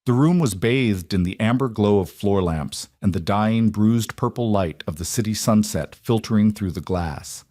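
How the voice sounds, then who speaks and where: A man narrating a first-person romance story in a steady, measured reading. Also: fairly low pitch.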